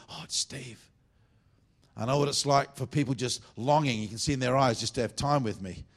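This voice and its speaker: A male revival preacher delivering a sermon at a church meeting. He lurches from loud, fervent bursts down to low, confiding asides. His voice sits at an ordinary middle pitch.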